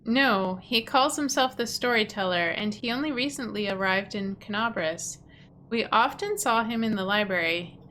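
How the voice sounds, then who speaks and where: A woman's voice: mid-range voice, moderate pace, bright, forceful tone, slight background noise, close to an everyday voice. A woman reading aloud the lines of a crusader survivor from a video game, in an earnest read-aloud way. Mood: urgent.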